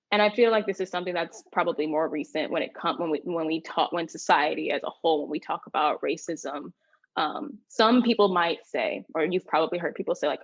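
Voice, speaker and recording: A young woman co-hosting a podcast, asking interview questions in halting, searching phrasing. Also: lowish voice, no echo, lo-fi sound. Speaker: podcast co-host.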